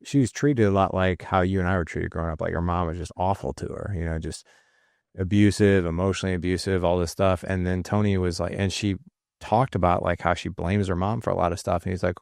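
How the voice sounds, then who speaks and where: Low-voiced man telling stories, dry sound. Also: fairly even intonation, a little fast, gravelly, darkish tone, clean tone, no room sound. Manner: rambling, frequent fillers and restarts. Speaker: podcast host. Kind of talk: casual conversational storytelling.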